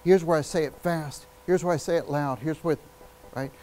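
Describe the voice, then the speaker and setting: A man's voice: fairly high pitch, a little hiss or hum, low-quality recording. Emphatic man teaching public speaking. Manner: energetic, emphatic, varies speed and volume with long pauses. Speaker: public speaking workshop presenter. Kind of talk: live workshop talk. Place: workshop room with an audience.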